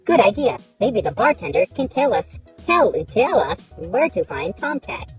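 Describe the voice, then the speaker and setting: A man speaking through a voice changer set to a high synthetic female-merc and robot voice, excitable and joking. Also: measured pace, soft background music, exaggerated voice. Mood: reading. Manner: excitable, yelps and jokes. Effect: high pitch-shifting voice changer.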